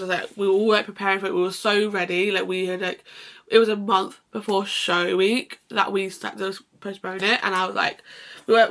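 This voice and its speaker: A woman's voice: mid-range voice, creaky, pushed and bright. A young woman chatting to camera in a casual vlog, rambling with many restarts and fillers. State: sneezing, slightly emotional. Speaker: lifestyle vlogger.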